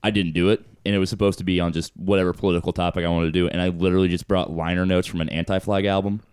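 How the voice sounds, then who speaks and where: Man, lowish voice, dry sound, wry joking banter. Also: little pitch movement, racing, darkish tone, clear, resonant tone, no echo. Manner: joking, wry, swears freely. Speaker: podcast co-host. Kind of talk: casual chat.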